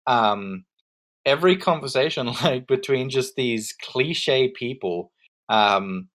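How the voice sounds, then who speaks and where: A man in casual podcast chat. He rambles through his thoughts in an animated way and laughs easily with his co-hosts. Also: medium pitch, takes it slowly. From Australia. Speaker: podcast co-host.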